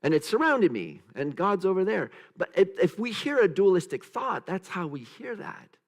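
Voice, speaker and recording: A man minister giving a sermon in a church, animated, acting out quoted voices, with many restarts. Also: sits high, normal speed. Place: church sanctuary.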